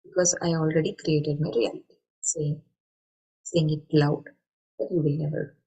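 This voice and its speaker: A woman's voice: low voice, steady tone, moderate pace, gravelly, dark tone, low-quality recording. A middle-aged woman giving an earnest spoken talk on mindfulness, explaining with everyday examples and rhetorical questions. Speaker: meditation speaker. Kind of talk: spoken talk to an online group.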